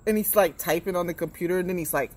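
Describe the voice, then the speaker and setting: Profane, animated woman podcast host. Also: on the low side, quick pace. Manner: profane, animated storytelling with mimicked voices. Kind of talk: casual chat.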